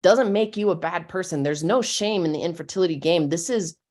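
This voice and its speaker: A woman therapist leads a webinar in a slightly low voice. She talks gently and candidly, coaching listeners through exercises in relaxed, casual wording. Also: fairly quick. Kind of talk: webinar talk with guided exercises.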